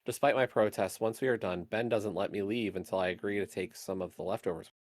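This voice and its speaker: A man streaming a game, reading its narration aloud in a steady, even way. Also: fairly low pitch, a little fast, no room sound.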